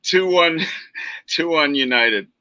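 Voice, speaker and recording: Animated ranting American man. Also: on the high side, a little slow, no echo, lo-fi sound. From United States. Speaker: co-host. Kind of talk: casual football chat.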